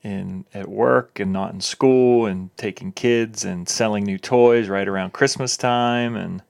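A man's voice: fairly low pitch, steady tone, unhurried, gravelly, a little mellow. A man in his thirties from northern Ohio, co-hosting a casual podcast in a rambling, jokey way. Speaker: podcast co-host. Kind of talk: casual chat.

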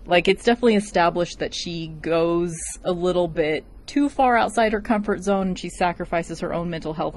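Woman, casual film commentary, lowish voice, chatty and heartfelt, faint noise behind. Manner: chatty, heavy use of "like", emotional. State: tearing up. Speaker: film reviewer.

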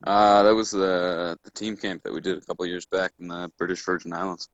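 A man joining a podcast by phone as a guest, relaxed with brief replies. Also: low-pitched, fairly quick, dry recording, dull audio. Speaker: guest cyclist. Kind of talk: casual phone interview.

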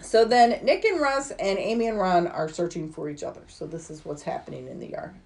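A woman's voice: lowish voice, creaky, a little mellow. A woman in her forties on a podcast, casually retelling movie scenes and swearing as she acts out the characters' lines. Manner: swears freely, acts out lines in quick asides. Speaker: podcast host recapping a film.

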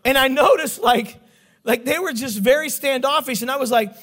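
A middle-aged man preaching a joking, animated sermon story and acting out the voices in it. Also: very high-pitched, a little fast.

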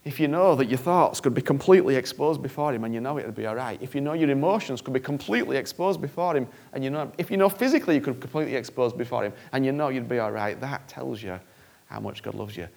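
A man's voice: medium pitch, fast, creaky, a little mellow. A male preacher giving an earnest, conversational sermon that often repeats phrases for emphasis.

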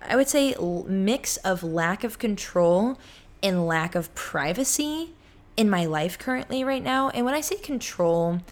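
Her voice is mid-range with lively intonation and a slightly slow pace. She's a young woman in her twenties chatting casually on her solo podcast from an apartment room, rambling, breaking off mid-thought, and using plenty of "likes."

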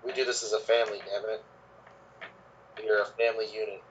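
A man's voice: fairly low pitch, quick pace, distant mic, dull audio, slight background noise. A man joking around as a player in a tabletop game. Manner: joking and animated.

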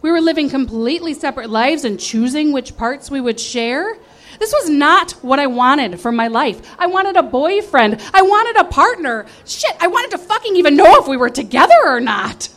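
A middle-aged woman telling a personal story on stage in an animated, emotional, self-mocking way. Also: high-pitched, normal speed.

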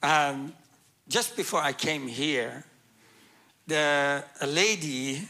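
A man's voice: fairly high pitch, very slow, sharp tone. A man, a guest speaker, telling a humorous testimony story and laughing often.

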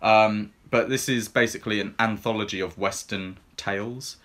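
A man's voice: lowish voice, moderate pace. A man co-hosting a podcast, reviewing films in casual chat and retelling scenes in a rambling way, full of ums and likes. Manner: rambling and filler-heavy, lots of ums and likes; relaxed, retelling film scenes in plain everyday talk.

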